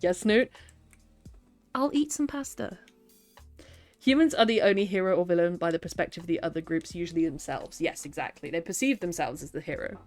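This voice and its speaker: Woman streamer chatting away, laughs a lot, swears now and then, some quiet music under her. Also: on the low side, a little fast. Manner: chatty, laughs often, swears, reads chat aloud. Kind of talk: casual live-stream chat.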